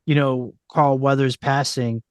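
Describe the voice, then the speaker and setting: A man's voice: medium pitch, level tone, measured pace, a little mellow, clean tone, no echo, clean studio sound. Rambling male podcast host. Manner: rambling, many fillers and restarts. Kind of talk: casual chat.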